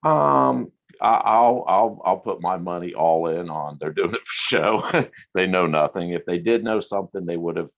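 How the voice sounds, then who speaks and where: A man in casual conversation, telling stories in a profane, animated way and laughing often. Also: sits low, normal speed, creaky. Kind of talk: casual chat. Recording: lo-fi recording.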